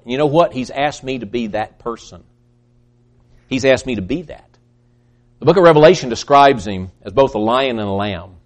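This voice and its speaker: A man preaching a sermon, swinging between loud emphatic peaks and hushed, soft passages, often repeating words as he builds. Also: medium pitch. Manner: repeats words when excited.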